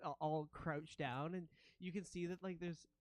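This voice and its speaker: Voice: mid-range voice, moderate pace, dry recording. A game master narrating a tabletop role-playing scene in an easygoing way, with frequent restarts. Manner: relaxed, with hesitant restarts.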